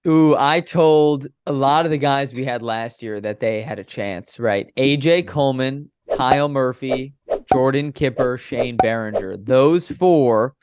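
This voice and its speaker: A young man, a baseball broadcaster, telling stories in a casual podcast interview and breaking into big, animated play calls. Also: unhurried, clean tone. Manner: animated, acts out his home run calls with big pitch jumps.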